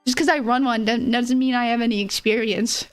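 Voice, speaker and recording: Giggly high-voiced woman streamer. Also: steady tone, fairly quick, faint music behind. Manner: giggly, playful, teasing. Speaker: livestreamer. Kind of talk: casual chat with viewers.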